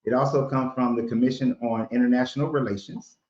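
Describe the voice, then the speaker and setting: A man with a mid-pitched voice hosts a show and argues bluntly in a heated debate, often sarcastic. The sound is roomy and a little dull. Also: fairly even intonation, fast, darkish tone. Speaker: host.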